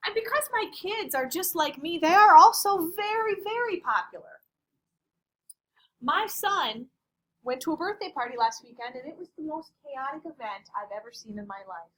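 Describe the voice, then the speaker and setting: A woman teaching a Spanish class, playful and animated, quizzing her students as she goes. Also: high voice, normal speed. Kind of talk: classroom lesson. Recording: distant classroom mic.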